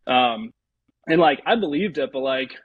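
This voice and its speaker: A young man, a pro baseball pitcher, telling a personal story as an interview guest, rambling with lots of fillers. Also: lively intonation, measured pace, breathy edge, dry recording, narrow, tinny audio.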